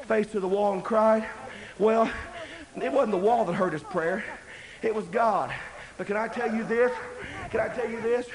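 An older man preaching a sermon, swinging between loud shouting and quiet talk. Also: high-pitched, poor audio. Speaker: pastor.

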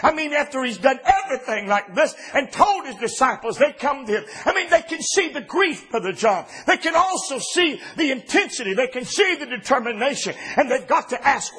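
Husky high-voiced preacher man. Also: very animated, normal speed, hardly any pauses. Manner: impassioned, rising to shouts. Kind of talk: sermon.

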